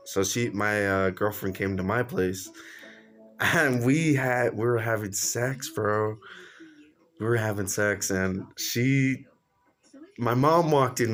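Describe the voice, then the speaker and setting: A man's voice: lowish voice, a bit bright. A young man casually telling a personal story on his vlog, slangy and laughing along as he goes. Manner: laid-back slangy, laughs while telling. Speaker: vlogger.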